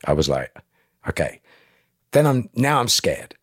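A man's voice: mid-range voice, big pitch swings, normal speed, no echo, studio quality. A man in his fifties, a podcast guest, telling a dramatic personal story bluntly and with emphasis, swearing and acting out what others said. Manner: blunt, emphatic, swears, acts out quoted speech. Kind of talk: emotional storytelling.

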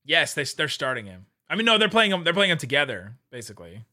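A man co-hosting a podcast, talking sports bets in an excitable, joking way. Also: on the high side. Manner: excitable, quick to joke and laugh. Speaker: podcast co-host. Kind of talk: casual sports chat.

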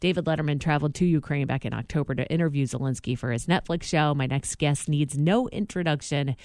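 A co-host on a morning show works through the day's headlines in casual chat and slips in quick asides between items. The voice sits at an ordinary middle pitch. It is close on a studio microphone with no room sound at all. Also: darkish tone, dry recording.

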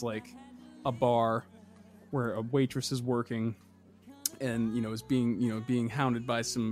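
A young man hosts a casual podcast, retelling a film scene by scene. He rambles, piles on fillers, and laughs his way through the story at a middle pitch. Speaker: podcast host. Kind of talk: casual movie recap.

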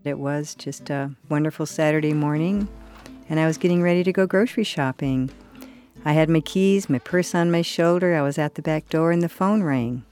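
A woman's voice: deep voice, moderate pace, a little mellow, faint music behind. An older woman telling a personal story in conversation, earnestly acting out the voices of the people in it. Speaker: interviewee recalling a personal story.

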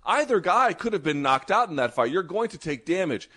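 A man co-hosting a sports talk show, giving fast, animated, opinionated takes. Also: high-pitched. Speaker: podcast co-host. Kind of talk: casual sports chat.

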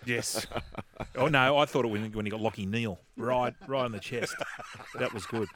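A man's voice: mid-range voice, normal speed. A man with an Australian accent, co-hosting sports radio, teasing his mates and laughing easily. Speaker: radio co-host. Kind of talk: casual sports radio banter.

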